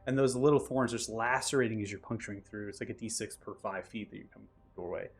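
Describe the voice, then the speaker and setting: A man acting as game master, calmly narrating the action and explaining rules step by step. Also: lowish voice, quick pace, gravelly, husky. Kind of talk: narrating and ruling a tabletop game.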